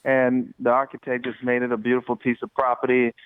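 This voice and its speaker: A man in his forties calling in to an interview by phone, telling stories with lively energy and repeated starts. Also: medium pitch, fairly quick, smooth, dry recording. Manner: animated storyteller, repeats words. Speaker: guest calling in. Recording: tinny dry phone line.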